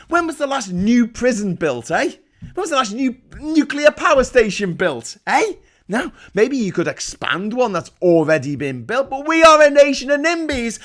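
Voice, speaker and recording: A man's voice: very high-pitched, a bit bright. A man with a British accent hosting a livestream, ranting angrily about politics with constant swearing and sarcasm. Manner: profane, sarcastic, angry. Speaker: livestream host.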